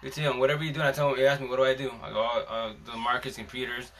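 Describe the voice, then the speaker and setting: A man's voice: mid-range voice, fairly even intonation, racing, a bit bright. A man hosting a live stream, casually telling a long story in a rambling, slangy way with many restarts.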